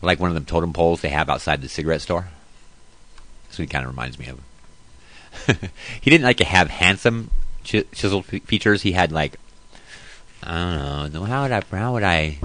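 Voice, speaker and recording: Low-voiced man ranting bluntly. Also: expressive, normal speed, long pauses, a bit bright, dry recording. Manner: reads news aloud then rants, profane and blunt. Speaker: host. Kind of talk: casual news commentary and ranting.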